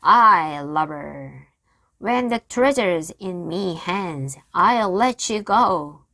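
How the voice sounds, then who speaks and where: A woman reading a storybook aloud and voicing a greedy, gruff male pirate captain who roars and growls threats. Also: lowish voice, lively intonation, drawn-out words, sharp tone, heavily acted. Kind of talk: read-aloud storybook voices.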